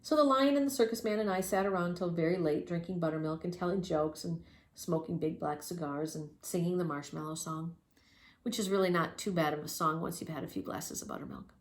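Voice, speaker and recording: A woman reading a children's story aloud with lively, expressive storytelling and spoken sound effects. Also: lowish voice, a little fast. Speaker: reader. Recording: roomy echo.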